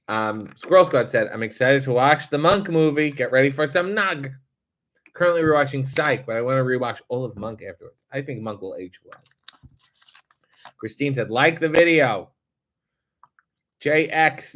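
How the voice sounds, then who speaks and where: A man's voice: mid-range voice, fairly bright tone. A man hosting a casual livestream, reading viewer comments aloud and answering them with wry, sarcastic asides and casual swearing. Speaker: livestream host reading chat. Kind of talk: casual live chat.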